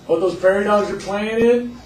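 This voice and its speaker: A male teacher giving a lively classroom lecture, telling stories and acting out voices. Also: high voice, normal speed, distant mic. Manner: animated storyteller, acts out voices. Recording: echoey classroom with faint noise.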